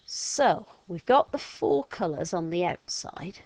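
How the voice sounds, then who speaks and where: Patient woman teacher for a kids' lesson, slow delivery, acting out each sound, dry close sound. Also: lowish voice, expressive, creaky, darkish tone, no room sound, low-quality recording. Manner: patient, demonstrates sounds with actions. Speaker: language teacher. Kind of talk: step-by-step lesson for children.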